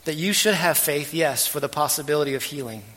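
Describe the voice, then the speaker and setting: A man preaching a sermon as pastor, earnest and measured, letting his phrase ends trail off softly. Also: a little high. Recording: long hall reverb.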